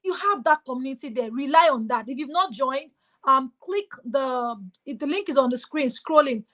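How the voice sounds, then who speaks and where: A woman speaks in a high voice. She gives an emphatic, exhorting motivational talk on a webinar and drives her points home by repeating them. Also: lively intonation, normal speed, fairly bright tone.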